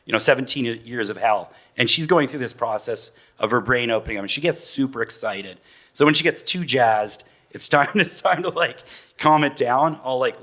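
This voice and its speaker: A man's voice: mid-range voice, sharp tone. A man in his forties, a parent guest on a panel, talking in a chatty, loose way and laughing often. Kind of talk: casual panel talk.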